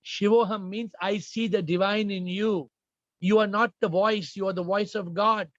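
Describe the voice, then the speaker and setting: High-voiced man giving emphatic spiritual answers. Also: fairly even intonation, normal speed, no room sound, dull audio. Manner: repetitive, emphatic, questioning the audience. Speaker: spiritual teacher answering questions. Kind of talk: informal spiritual Q&A talk.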